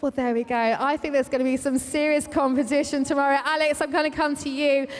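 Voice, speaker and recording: A high-pitched woman reporter chats with athletes in a bubbly, teasing manner. Her voice rings out with the long reverb of a big indoor arena. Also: little pitch movement, fast talker. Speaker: trackside reporter. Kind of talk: sports interview.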